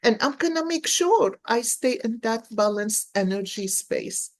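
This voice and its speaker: A woman's voice: fairly high pitch, expressive, unhurried. A woman in her sixties giving a casual card reading, telling stories earnestly with many restarts. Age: 60s. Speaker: tarot card reader and life coach.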